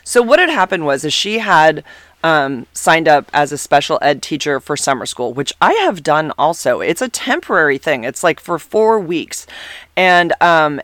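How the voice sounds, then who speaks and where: Animated rambling storyteller, substitute teacher. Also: mid-range voice, normal speed, dry recording. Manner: animated, rambling, many fillers and restarts. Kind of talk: casual personal storytelling.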